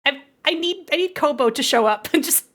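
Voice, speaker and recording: A woman streamer reading a visual novel aloud and chatting about it, giggly and playful, stammering when she gets excited. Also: sits high, a little fast.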